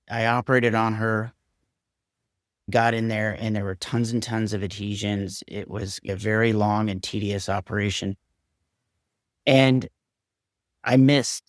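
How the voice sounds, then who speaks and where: A man, a surgeon, telling a candid story from his career in an earnest, measured way during a podcast interview. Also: on the low side, dry recording, clean studio sound. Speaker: surgeon guest.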